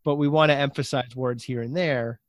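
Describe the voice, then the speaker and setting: A man's voice: medium pitch, fairly even intonation, moderate pace, dry recording, studio quality. A man hosting a podcast interview, thinking aloud and rephrasing his guest's advice in his own words. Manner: thoughtful, summarizes and rephrases the guest's points. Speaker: podcast host. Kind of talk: conversational interview.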